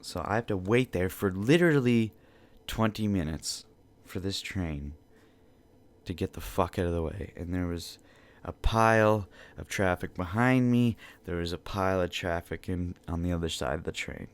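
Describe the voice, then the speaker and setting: A man's voice: deep voice, normal speed. A man hosting a podcast, telling a casual story in a rambling, profane way that repeats itself, recorded at home. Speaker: podcast host.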